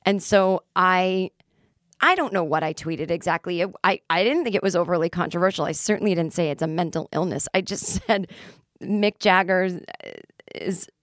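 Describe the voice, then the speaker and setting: A woman's voice: fairly low pitch, moderate pace, a bit bright, no room sound, studio quality. A middle-aged woman hosting a solo podcast, ranting sarcastically and acting out imagined conversations. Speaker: podcast host. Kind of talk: casual solo podcast monologue.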